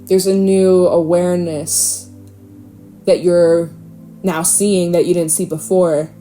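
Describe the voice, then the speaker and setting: A woman giving a casual, animated tarot reading, swearing freely and laughing often. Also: fairly low pitch, slow pace, faint music behind. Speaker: tarot reader.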